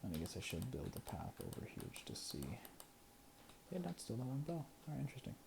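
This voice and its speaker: Gravelly, lively gameplay mutterer. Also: medium pitch, fast talker, background noise. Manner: muttering and counting to self, chuckling, sometimes whispering. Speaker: gameplay video creator. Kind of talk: casual gameplay commentary.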